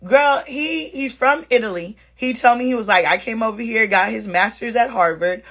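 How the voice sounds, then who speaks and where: Her voice on the high side and her speed normal, a woman vlogger talks to camera from home about a dating experience. Slangy and lively, she calls viewers "girl" and "sis" and performs both halves of the conversation.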